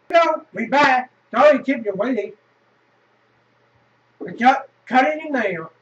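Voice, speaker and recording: A man giving frustrated horror game commentary, swearing with sudden loud outbursts. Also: high voice. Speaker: gamer. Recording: roomy, distant, dull lo-fi.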